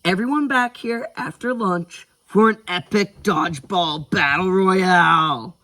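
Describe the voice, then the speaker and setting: A playful, enthusiastic boy stretches out his words for effect, as a man puts him on. The voice is slow and showy with a gravelly grain. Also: fairly high pitch, pushed and bright. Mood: hyped.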